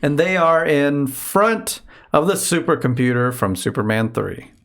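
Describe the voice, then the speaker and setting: Male co-host, gravelly, lively pitch, short dry one-liners. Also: unhurried. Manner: brief dry quips and short agreements. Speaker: podcast co-host. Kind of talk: casual podcast chat.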